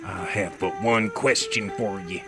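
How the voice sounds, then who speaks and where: A man's voice: low-pitched, a little slow. An actor playing a creepy, doting old man who fawns over a boy in a comedy audio drama. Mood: fawning. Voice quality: gravelly, fawning and sinister. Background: music.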